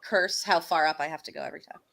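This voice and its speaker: A woman's voice: low-pitched, fast talker, vocal fry, a bit bright. A woman from Canada chatting casually on a livestream from her apartment, joking and giggling. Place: high-rise apartment, windy.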